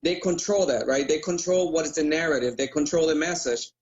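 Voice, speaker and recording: Guest: a man from Puerto Rico who works as a radio host, slightly high voice, explanatory, dull lo-fi audio. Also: fairly quick. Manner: explanatory, keeps asking "right?". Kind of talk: casual interview talk.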